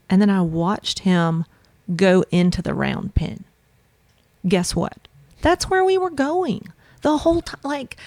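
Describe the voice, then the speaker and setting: A woman guest, a counselor, telling a personal story in a lively, animated way, acting out her own thoughts. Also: on the low side, dry recording. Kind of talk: conversational storytelling.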